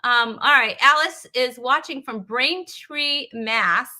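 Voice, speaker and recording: Greeting viewers on her live comedy stream, this Rhode Island host is chatty and teasing, rambling along with fillers. She speaks slowly in a high-pitched voice that sounds pushed and bright.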